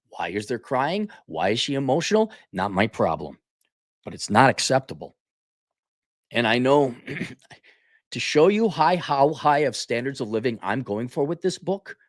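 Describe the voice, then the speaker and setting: A man hosting a casual opinion monologue, blunt and animated, often restarting his sentences. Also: mid-range voice, dry recording, clean studio sound. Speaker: podcast host.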